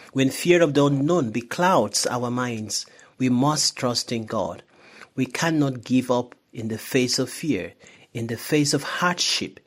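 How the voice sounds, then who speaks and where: A man preaching a Sunday homily at a calm, even pitch. He speaks in a measured, reflective way, like a priest addressing his congregation.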